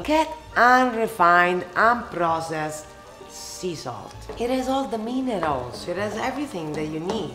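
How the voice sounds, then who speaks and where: Italian woman hosting a cooking lesson. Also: lowish voice. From Italy. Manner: expressive and emphatic, lingers on words. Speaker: cooking show host. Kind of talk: casual cooking tutorial with Q&A.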